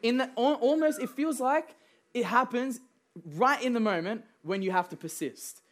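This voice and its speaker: Casual storytelling preacher. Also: male voice, very high-pitched, moderate pace, a bit bright. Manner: conversational storytelling with frequent laughs and fillers. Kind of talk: sermon.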